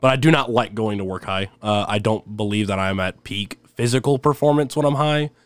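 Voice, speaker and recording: A man's voice: on the low side, fairly quick, clear, resonant tone, no room sound. Rambling, laughing young man. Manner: rambling, laughs often, animated when telling stories. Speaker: podcast guest. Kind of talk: casual storytelling chat.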